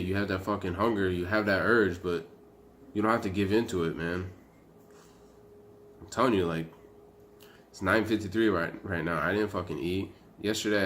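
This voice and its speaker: A man's voice: low-pitched, a little hiss or hum. A young man ranting bluntly to camera in a casual vlog, rambling and swearing with frequent fillers. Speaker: vlogger.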